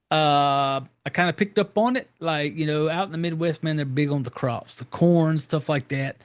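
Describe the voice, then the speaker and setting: A man talks through a horror film's plot in a loose, meandering way, dropping curses and filler words as he goes. His voice sits a little high for a man. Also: normal speed, few pauses, clear, resonant tone. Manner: rambling, profane, loose storytelling with fillers. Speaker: podcast host. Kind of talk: casual movie recap.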